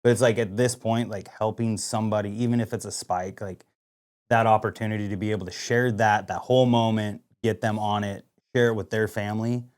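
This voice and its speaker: A man co-hosting a podcast, telling a hunting story in casual chat, animated and full of "like" and acted-out dialogue. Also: lowish voice, a little fast. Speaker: podcast co-host.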